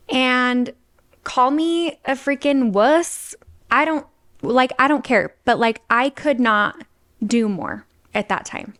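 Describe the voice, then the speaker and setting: A woman's voice: on the high side, unhurried, clean tone, no room sound, clean studio sound. A young woman hosting a podcast, telling a personal story in a chatty way, full of fillers and little laughs. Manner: chatty, filler-heavy, with frequent laughs and intensifiers. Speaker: podcast host.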